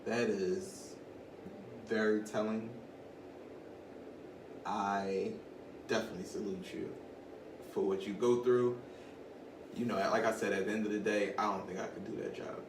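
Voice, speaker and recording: A man's voice: on the low side, fairly even intonation, measured pace, long pauses. Frank swearing man, noisy roomy podcast. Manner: frank, swears casually, vents. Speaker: podcast co-host. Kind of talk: casual chat. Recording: roomy, distant mic, hiss.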